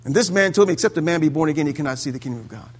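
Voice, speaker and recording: A man's voice: a little high, lively intonation, racing, pitched below the performer's own voice. A man preaching plays an earnest male religious leader giving witness, in a rousing sing-song cadence.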